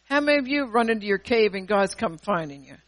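A woman preaching a sermon with call-and-response asides, swinging between loud bursts and hushed passages. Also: mid-range voice, lively intonation, fast, no echo, low-quality recording.

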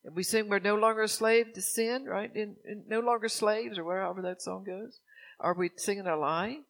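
A man's voice: high-pitched, steady tone, moderate pace, vocal fry, fairly bright tone. An older man preaching a sermon in a conversational, anecdotal way, often asking his congregation questions.

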